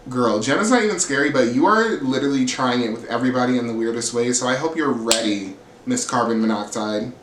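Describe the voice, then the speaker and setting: Man, reality TV recap, sassy, profane, mid pitch, echoey room, faint background hiss. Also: fairly quick, fairly bright tone. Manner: sassy, blunt and profane, acts out quotes. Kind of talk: casual episode recap. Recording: roomy echo, faint ambient hiss.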